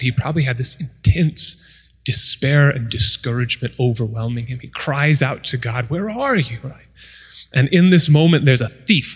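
A man's voice: on the high side, big-room sound. A man preaching a sermon, retelling scripture stories and acting out the people in them. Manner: storytelling, acts out voices of the people in the story. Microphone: microphone.

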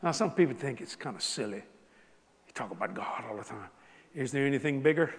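A man preaching a sermon as a story, animated, swinging from soft asides to loud bursts. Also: mid-range voice, fairly quick. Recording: long hall reverb.

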